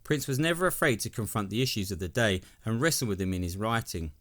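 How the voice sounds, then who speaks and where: A man's voice: on the low side, lively intonation, quick pace. A man giving scripted narration as a video essay host, with enthusiastic, wry commentary.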